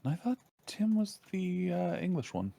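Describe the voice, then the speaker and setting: Male player, deep gravelly tone, dry close recording. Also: very animated, measured pace, mellow, dry recording. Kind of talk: tabletop game play.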